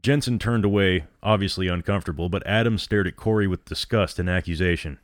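A man reading a dramatic story aloud in a measured, grave way. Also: sits low, no room sound, clean studio sound. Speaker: narrator.

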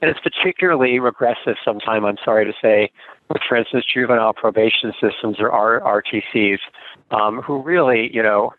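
A man's voice: lowish voice, fairly quick, no room sound. A middle-aged man speaking as a guest expert in an interview, earnest and thoughtful, often restarting his sentences. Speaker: guest expert on gender norms. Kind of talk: conversational interview over a remote call. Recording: tinny phone-line sound, dry.

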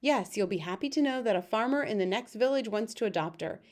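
A woman's voice: fairly high pitch, animated, fast, a little mellow, close to an everyday voice. Courteous, formal school headmistress, middle-aged, read by a woman narrator. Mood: caring.

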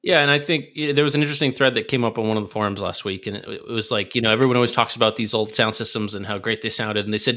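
A man's voice: fairly low pitch, steady tone, bright, forceful tone. A man, a system engineer, talking shop in a casual panel discussion, thinking aloud with frequent restarts. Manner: fast, thoughtful, with frequent restarts.

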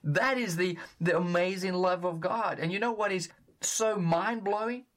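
A man's voice: high-pitched, moderate pace, fairly bright tone. Emphatic man preaching a sermon.

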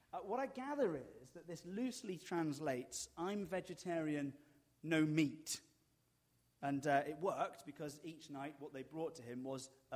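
A middle-aged man, preaching a sermon and telling stories with dry, self-mocking humor. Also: a little high. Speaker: pastor.

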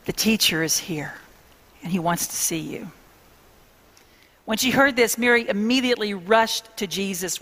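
A woman preaching a sermon, speaking to her listeners in an earnest, intimate way with hushed pauses. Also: medium pitch, long reverb tail.

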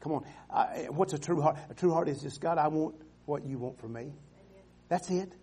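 A male pastor preaching a sermon, calling for amens and drawing scripture out slowly, swinging from loud exhortation to hushed storytelling. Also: on the high side, husky. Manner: emphatic, calls for amens, stretches scripture slowly.

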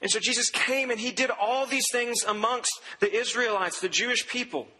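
A man's voice: very high voice, normal speed, bright, forceful tone, in a large hall, rough recording. A man preaching a sermon in a conversational way, quoting scripture and acting out what people said. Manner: conversational preaching, quotes scripture and acts out voices. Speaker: pastor.

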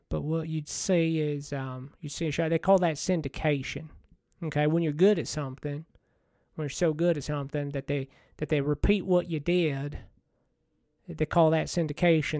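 A man in a rambling comedic monologue as a washed-up TV money-show host, folksy, meandering and deadpan. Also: a little high, no room sound, clean studio sound.

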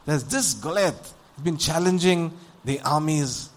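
This preacher's voice sits a little high, and he takes his time. He tells a Bible story in a chatty way, voicing the characters with lively animation and frequently asking the congregation rhetorical questions.

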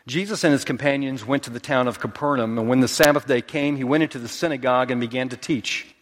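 Guy preaching in church, big echoey sanctuary, gets loud and high then goes real quiet and slow. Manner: builds to high emphatic peaks, then drops to soft slow lines. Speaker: pastor. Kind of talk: sermon. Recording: long hall reverb.

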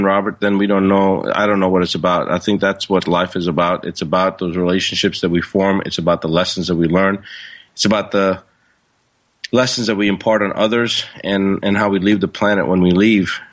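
Earnest low-voiced male physician. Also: steady tone, a little fast. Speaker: seminar organizer and physician. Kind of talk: reflective talk-show chat.

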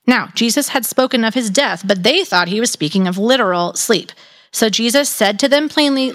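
A woman's voice: medium pitch, expressive, moderate pace. Earnest woman teaching from scripture. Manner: earnest and candid, with soft laughs. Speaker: Bible teacher. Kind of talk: reflective Bible teaching.

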